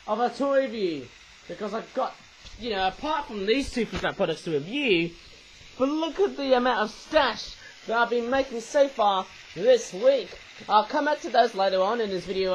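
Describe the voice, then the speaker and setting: A man's voice: very high voice, a little hiss or hum, rough recording. A man reviewing toys in a casual, chatty way, ending his sentences with "eh?" and coughing as he gets over a flu. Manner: chatty, tags sentences with "eh?" and makes puns. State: coughing, getting over a flu and sore throat. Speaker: toy reviewer.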